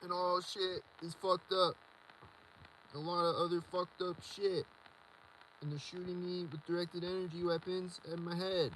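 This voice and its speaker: A man's voice: high voice, little pitch movement, a little slow, a bit bright, a little hiss or hum, rough recording. A man rambling in a solo video monologue, agitated and repetitive as he rants. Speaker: vlogger.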